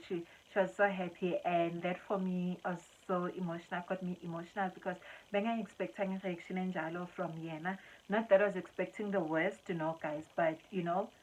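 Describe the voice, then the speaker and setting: A woman's voice: fairly low pitch, a little hiss or hum, poor audio. A young South African woman telling a story-time vlog, chatting casually and mixing English with isiZulu. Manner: chatty, switching between English and isiZulu mid-sentence. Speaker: vlogger.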